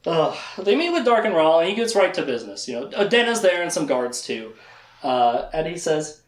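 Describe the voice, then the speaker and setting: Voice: medium pitch, sing-song, moderate pace, reverberant. A podcast host giving a casual, chatty recap of a fantasy novel with laughing asides.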